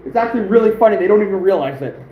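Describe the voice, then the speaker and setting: Male livestream host, high voice, boastful rambling chatter with frequent chuckles, recorded in a roomy space over faint background noise. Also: lively intonation, racing, phone-quality sound. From United States. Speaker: outdoors channel host, livestreaming. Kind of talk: casual livestream chat.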